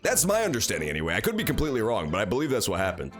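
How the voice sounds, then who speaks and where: Young male let's-player, profane and jokey, lively delivery. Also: lowish voice, very fast, faint music behind. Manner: profane, joking, laughing. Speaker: let's play host. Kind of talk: casual gameplay commentary.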